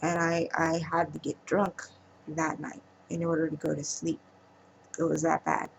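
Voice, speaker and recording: A woman speaking in a personal vlog monologue, halting and emotional, trailing off with pauses. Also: sits low, flat delivery, gravelly, slight background noise, rough recording. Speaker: vlogger.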